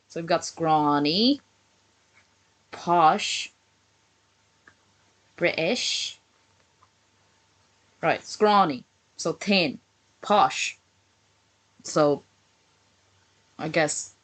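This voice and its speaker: A woman's voice: lowish voice, drawn-out words, long pauses, a bit bright, poor audio. A woman streamer reacting live to a video, sarcastic and swearing constantly in casual commentary.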